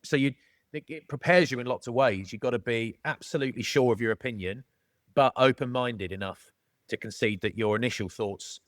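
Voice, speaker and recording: Man, middle-aged, matey podcast guest, mid pitch, dry close mic. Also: fairly quick, dry recording. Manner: jokey, matey, calls people mate. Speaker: podcast guest, former rugby player. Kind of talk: casual storytelling chat.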